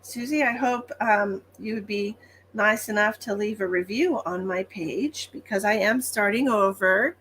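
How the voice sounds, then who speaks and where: A woman's voice: mid-range voice, unhurried, a bit bright, slight background noise. A woman working as a psychic medium, giving chatty, reassuring readings on a livestream with frequent ums.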